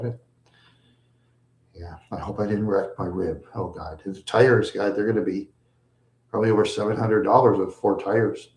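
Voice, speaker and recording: A man's voice: fairly low pitch, darkish tone. Rambling, self-pitying man in an echoey room. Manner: repetitive, mumbling, self-pitying. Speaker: livestream host. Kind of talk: rambling live-stream chat.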